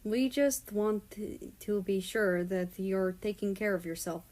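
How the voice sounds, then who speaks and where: A woman reading as a gentle young man. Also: mid-range voice, measured pace, close to an everyday voice. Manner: soft, gentle.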